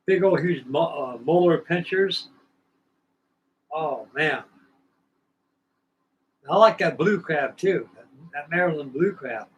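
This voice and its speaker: Guy hosting a model building stream from his workbench, folksy rambling chat, voice a bit on the high side. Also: lively intonation, slow pace, long pauses, dull audio. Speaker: host of a scale-model building livestream. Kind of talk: casual chat. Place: home workshop at his workbench.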